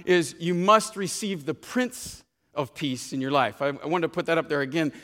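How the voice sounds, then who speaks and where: A man's voice: a little high, moderate pace, fairly bright tone, big-room sound. A man preaching a sermon as pastor, telling a story and stretching out key phrases for emphasis, often repeating himself. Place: church sanctuary.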